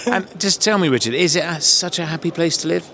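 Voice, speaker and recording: A man's voice: on the high side, fast talker, pushed and bright. A man hosting a podcast, interviewing visitors at a busy exhibition hall and laughing easily. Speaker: podcast host and show interviewer. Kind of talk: casual interview at a trade show.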